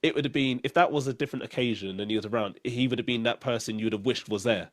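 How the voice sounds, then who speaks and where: A man hosting a casual chat, sharing memories with many pauses and fillers. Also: medium pitch, no room sound. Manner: hesitant, many fillers and restarts, soft-spoken. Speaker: podcast host.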